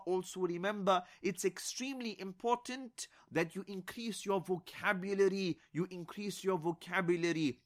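A man teaching an Arabic grammar lesson, repeating each example slowly and then translating it, with short words of praise in between. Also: sits high.

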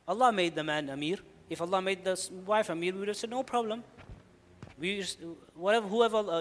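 A man delivers a religious lecture in an earnest, explanatory manner, rattling off Arabic quotations at speed. His voice sits high and bright. The sound carries a long hall reverb. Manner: earnest, explanatory, quotes Arabic scripture rapidly. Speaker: Islamic preacher.

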